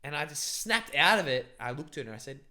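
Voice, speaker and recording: A man's voice: on the high side, very animated, fast, sharp tone. A young man telling a rambling story on a podcast, full of filler words and swearing. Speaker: podcast co-host. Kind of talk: casual storytelling chat.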